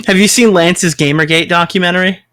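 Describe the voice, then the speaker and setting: A man's voice: sits high, a bit bright, no echo, clean studio sound. A man chatting casually as a podcast co-host, blunt, profane and mocking. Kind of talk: casual chat.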